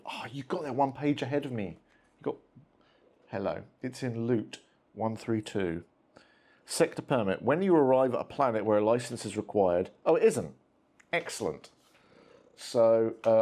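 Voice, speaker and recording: A man's voice: medium pitch, a little mellow. Guy playing a solo tabletop game at home, chatty, voice bouncing all over, keeps nagging his cats. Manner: chatty, talks to his cats while rolling dice. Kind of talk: casual play-through commentary.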